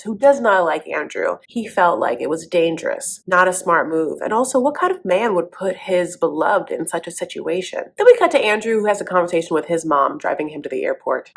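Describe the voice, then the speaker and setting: A woman's voice: lowish voice, gravelly, a bit bright. A woman hosting a comedic reality TV recap, sassy and sarcastic, who calls listeners honey. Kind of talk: comedic commentary.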